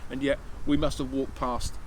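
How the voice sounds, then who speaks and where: Man, casual storytelling, rambling, mid-pitched voice, faint outdoor hum behind. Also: level tone, normal speed, rough recording. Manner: rambling, anecdotal, acts out dialogue with many restarts. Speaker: channel host telling a hunting anecdote.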